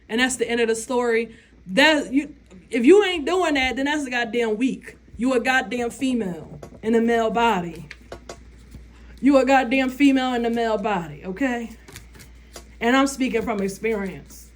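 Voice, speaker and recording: A woman's voice: on the high side, animated, moderate pace. Blunt, profane woman ranting to camera. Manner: blunt, profane, sassy, laughs often. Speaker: vlogger. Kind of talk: casual opinion rant to camera.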